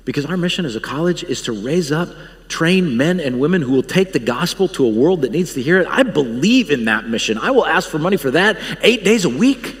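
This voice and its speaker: A man's voice: fairly high pitch, lively intonation, moderate pace. A man who leads a Bible college, preaching a guest sermon with earnest, emphatic appeals and frequent restarts. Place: church sanctuary. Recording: long church hall reverb.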